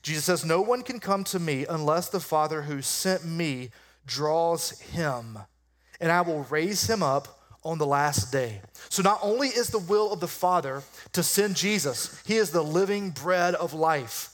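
A middle-aged pastor delivers a sermon in a loose, conversational way, mixing jokes with scripture. His voice sits a bit high for a man, and he drags out key phrases to stress them. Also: expressive, a bit bright. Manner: conversational preaching with humor, slowing down for emphasis.

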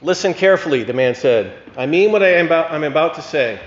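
A man's voice: a little high, expressive, fast talker, close to an everyday voice. A man voicing a frustrated male traveler stuck on a bridge, exasperated and raising his voice, recorded in an echoey hall with dull sound. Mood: firm. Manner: exasperated, yelling.

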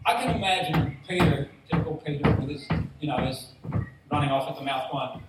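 A man's voice: a little high, fairly quick. Man preaching in an echoey hall. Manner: animated storytelling, acting out voices. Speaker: pastor. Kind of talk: sermon. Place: church hall. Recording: distant roomy hall mic with faint noise.

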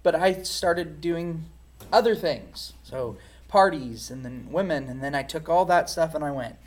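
A man's voice: fairly high pitch, unhurried. A man speaking as an interview guest, giving a candid personal testimony in a reflective, frank way.

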